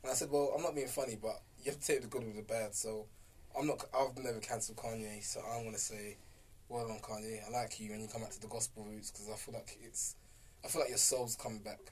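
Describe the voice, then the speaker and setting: A man's voice: on the low side, fairly even intonation, slightly rough. A young man, co-hosting a casual, argumentative podcast chat full of slang and jokes. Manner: fast, argumentative, jokey with slang. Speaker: podcast co-host.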